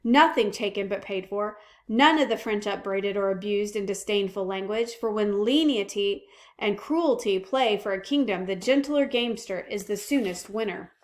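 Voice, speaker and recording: A woman reading aloud as a stern young king, giving orders in a measured, commanding way. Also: medium pitch, lightly acted.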